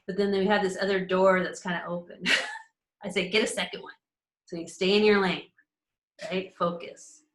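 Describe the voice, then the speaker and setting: A woman with a mid-range, slightly bright voice hosts a casual live astrology community call. Enthusiastic and laughing often, she addresses members by name in this informal teaching chat, recorded with a roomy echo.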